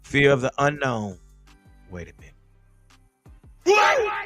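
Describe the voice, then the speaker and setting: A man hosts a sports podcast with heated, unfiltered emphasis, pressing each point hard. His voice sits a bit high and sounds tense and forceful. It is close and dry, with faint music underneath. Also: dry recording. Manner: heated, emphatic, fired-up ranting. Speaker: podcast host and former football player. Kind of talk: casual sports podcast chat.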